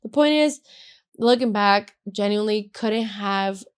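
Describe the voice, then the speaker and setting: A woman's voice: medium pitch, a little slow, smooth. A young woman in her twenties hosting a podcast, telling a personal story in a gushing, casual way, with "like" in almost every sentence. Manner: gushing, filler-heavy, says "like" constantly. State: emotional, has a headache. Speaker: podcast host.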